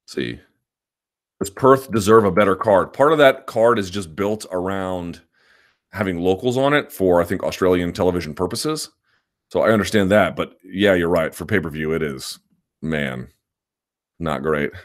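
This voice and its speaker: A man's voice: deep voice, animated, moderate pace. A man hosting a live chat, answering viewer questions in a rambling, self-assured way, often restarting his sentences. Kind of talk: live chat, casual and opinionated.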